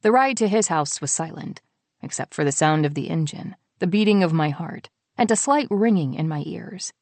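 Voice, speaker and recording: Lower-voiced female audiobook narrator. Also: expressive, moderate pace, darkish tone, dry recording. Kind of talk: scripted first-person narration. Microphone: studio mic, close.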